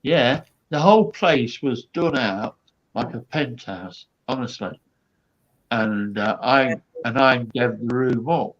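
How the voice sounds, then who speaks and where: A man's voice: mid-range voice, slow, highs cut off. A man, a guest comedian, telling a rambling backstage anecdote full of quoted asides and fillers.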